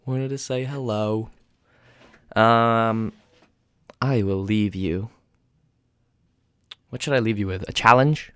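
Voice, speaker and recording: Rambling young Englishman, smooth and dry. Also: fairly low pitch, steady tone, takes it slowly, long pauses, a bit bright, no echo. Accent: English, softened by years in North America. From England. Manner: rambling, self-deprecating, many fillers. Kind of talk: casual rambling monologue.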